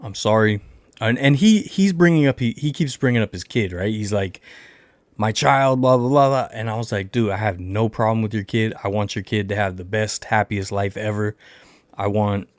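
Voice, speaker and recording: A young adult man hosting a casual livestream, telling a long rambling story with lots of filler and animated retellings. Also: on the low side, a little fast, dry recording, clean studio sound. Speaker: livestream host.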